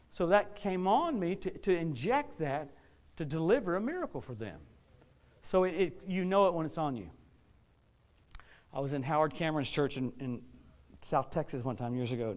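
A middle-aged American man preaching and telling stories, swinging between loud outbursts and hushed asides. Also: on the high side, very animated, moderate pace, pauses often. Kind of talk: sermon storytelling.

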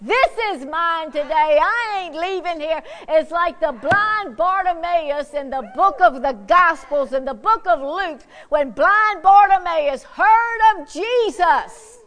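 Woman pastor preaching a sermon, high voice, slow and drawn out, shouts then goes hushed. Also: lively intonation. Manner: fervent preaching, swinging from shouts to hushed prayer.

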